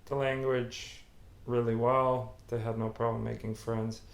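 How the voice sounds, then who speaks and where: A man's voice: medium pitch, level tone, a little slow, gravelly. A man co-hosting a podcast, chatting casually and telling stories with laughs. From United States. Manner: storytelling, laughs often. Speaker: podcast co-host. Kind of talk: casual chat. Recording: echoey room.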